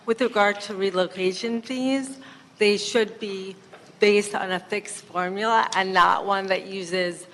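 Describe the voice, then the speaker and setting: A woman reads her prepared public comment in a bright, tense voice, measured and steady. A long echo fills the chamber, with faint room noise underneath. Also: medium pitch. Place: city council chamber.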